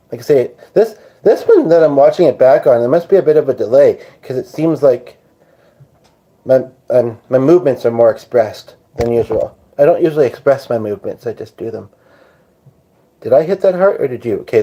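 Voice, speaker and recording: A man's voice: mid-range voice, mellow, highs cut off. Tired, rambling man chatting on a live stream. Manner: rambling, jokey, chatty with viewers. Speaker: livestream host. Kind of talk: casual live-stream chat reading comments.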